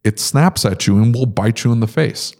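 A man's voice: medium pitch, normal speed, creaky, a little mellow. A man telling stories in a casual podcast chat, ranting with exasperation and big jumps in his voice.

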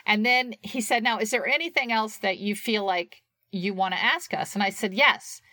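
A woman's voice: mid-range voice, normal speed, sharp tone, no echo. A woman co-hosting a podcast in casual chat, chatty and often laughing. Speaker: podcast co-host.

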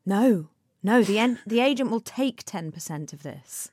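A woman's voice: mid-range voice, animated, a little slow, darkish tone, no room sound, studio quality. A woman co-hosting a podcast, chatting casually and thinking aloud with many fillers. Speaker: podcast co-host, comedian. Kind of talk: casual chat.

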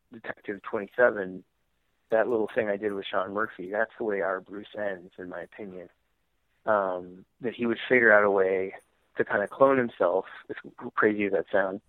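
A man's voice: on the low side, dry recording. A man, a comic book writer guest, telling stories in a candid, rambling way, often breaking off mid-sentence and laughing as he talks. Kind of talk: candid conversational storytelling. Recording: tinny phone-line sound.

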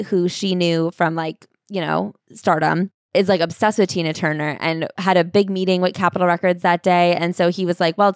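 A woman co-hosting a casual chat, retelling a story with excitement and swearing. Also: on the low side, dry recording, clean studio sound. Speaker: podcast co-host. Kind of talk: casual book-club chat.

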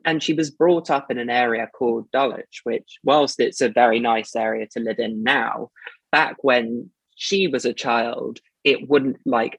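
A man with a posh English accent talks in a careful, hedging way, softening his points. His voice is a little husky, set in a dry, close recording with no room sound. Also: mid-range voice, no room sound, rough recording. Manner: measured, hedging with "sort of" and "as such". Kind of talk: casual chat.

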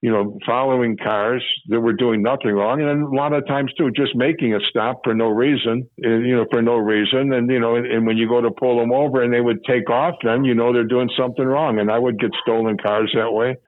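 A man's voice: mid-range voice, steady tone, fairly quick, hardly any pauses, no room sound, narrow, tinny audio. An older man from Chicago, a former police officer telling stories from his career in an interview, rambling and repeating phrases as he remembers. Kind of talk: storytelling interview.

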